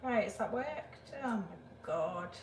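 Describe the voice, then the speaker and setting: A woman live-streams from home, talking to a phone on a shelf above her and laughing, flustered, at her own technical mishaps in casual stream chat. Her mid-range voice is expressive and unhurried. The room is echoey, with faint ambience and a noisy background.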